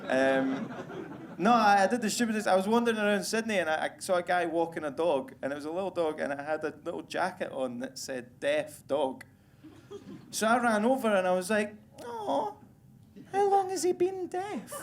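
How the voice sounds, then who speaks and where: A man's voice: sits high, lively intonation, a little fast, background noise. A Scottish man doing a crude, self-deprecating stand-up comedy set on stage, with the audience laughing behind him. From Scotland. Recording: live room with crowd ambience.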